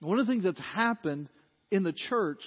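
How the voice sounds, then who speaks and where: A male pastor giving a sermon, swinging from loud, emphatic peaks to quiet, low asides. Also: lively intonation, moderate pace, slightly rough. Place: church sanctuary. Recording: dull sound in a large reverberant hall.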